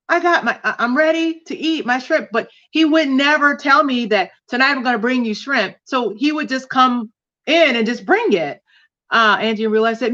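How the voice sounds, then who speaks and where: A woman with a fairly high voice hosts a casual livestream, chatting and confiding in her viewers as she reads out their comments. The sound comes through dull and lo-fi, like stream audio. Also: a bit bright. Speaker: host.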